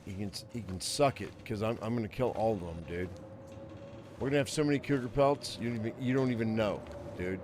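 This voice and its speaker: A man's voice: lowish voice, fairly quick, background noise. A man giving casual commentary while playing a video game, swearing often and repeating himself as he grumbles. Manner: casual, swearing, repeats words, grumbles about being angry. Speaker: gaming streamer. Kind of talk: casual let's play commentary.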